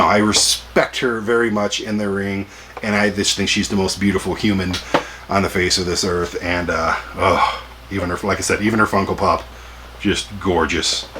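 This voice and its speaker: A man's voice: low-pitched, fairly even intonation, normal speed, noisy background. A man in his forties hosting a collecting vlog, chatty and jokey with self-deprecating asides. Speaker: collector vlogger. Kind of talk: casual rambling vlog.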